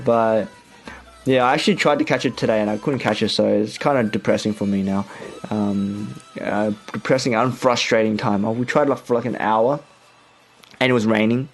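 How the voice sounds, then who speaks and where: A young man from Australia with an Australian accent, hosting a radio show in a chatty, relaxed way with many fillers. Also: lowish voice, normal speed, soft background music. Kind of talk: casual radio chat.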